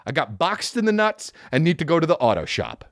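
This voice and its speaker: Animated, swearing male comic storyteller. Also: on the high side, brisk, no room sound, clean studio sound. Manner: profane, animated, acts out voices. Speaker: podcast host, comedian.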